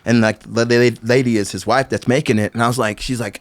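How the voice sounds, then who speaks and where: A man in his fifties, a veteran skateboarder guest on a podcast, telling stories in a loose, animated way, acting out what people said and filling with "like". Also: mid-range voice, quick pace. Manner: animated, acts out quoted voices, filler-heavy "like". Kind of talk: casual storytelling interview.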